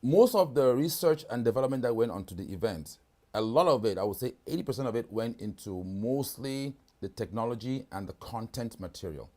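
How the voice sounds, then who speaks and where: A man's voice: medium pitch, expressive, fairly quick, a little mellow. A man hosting a live product demonstration over a video call, talking casually and often checking in with "right?". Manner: casual, keeps asking "right?".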